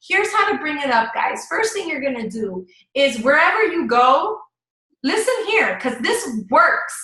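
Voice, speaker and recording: A woman's voice: high-pitched, sing-song, normal speed, bright, forceful tone, roomy sound, rough recording. A woman coaching her team in a casual live stream, chatty and enthusiastic, speaking straight to her viewers.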